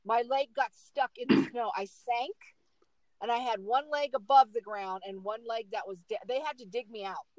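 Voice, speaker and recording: A woman's voice: a little high, moderate pace, a little mellow, dry recording, rough recording. A middle-aged woman telling a dramatic story in casual chat, repeating words for emphasis.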